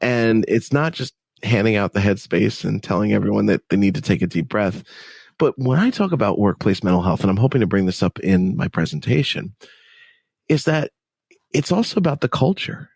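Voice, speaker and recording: Upbeat man, low dry voice. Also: expressive, normal speed, gravelly, darkish tone, slightly rough, dry recording. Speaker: podcast guest, mental health speaker. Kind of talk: conversational interview.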